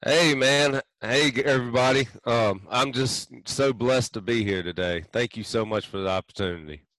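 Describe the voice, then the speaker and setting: A man's voice: medium pitch, moderate pace, fairly bright tone, no echo, rough recording. A man who is a guest on a business podcast, telling his story in an earnest, heartfelt, reflective way with frequent ums. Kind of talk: interview storytelling.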